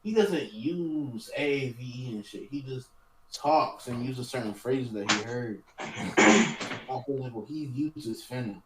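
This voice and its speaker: Chill slangy dude on a podcast, echoey room, faint hiss behind. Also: male voice, mid-range voice, measured pace. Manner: laid-back, slangy, hesitant. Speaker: podcast co-host. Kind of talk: casual podcast chat. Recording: roomy mic with faint noise.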